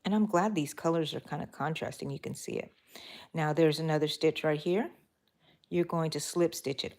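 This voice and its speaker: A woman's voice: sits low, moderate pace, a little mellow. A middle-aged woman, chatting casually with live viewers while she crochets. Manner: chatty, laughing, talks to viewers. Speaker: crochet vlogger.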